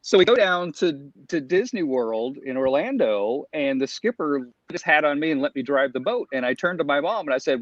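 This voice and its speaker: A man from Alabama chatting casually on a video call, an animated storyteller who jumps into playful voices. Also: fairly high pitch, a little fast, no room sound. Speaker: guest, former theme park ride skipper. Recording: dull lo-fi call audio.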